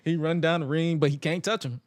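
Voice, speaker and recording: Male podcast co-host, playful storyteller, a bit high-pitched, dry sound. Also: a little fast, no echo. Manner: animated, joking storyteller who acts out quotes. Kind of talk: casual chat recapping wrestling.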